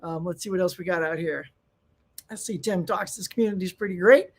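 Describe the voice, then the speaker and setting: A man hosting a casual live stream from home, chatting excitedly and greeting viewers by name. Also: high voice, brisk. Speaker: channel host. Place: home room.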